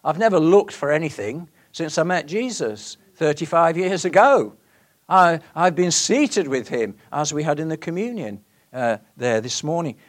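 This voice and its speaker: A man preaching a sermon, earnest, moving between loud emphasis and hushed questions to the congregation. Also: on the high side, lively intonation, normal speed. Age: 60s.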